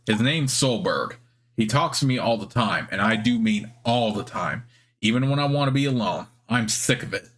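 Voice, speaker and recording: A man's voice: lowish voice, lively intonation, normal speed, fairly bright tone. Grumpy old cat familiar, sullen, complaining, a man reading him out, video game dialogue. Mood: sulky.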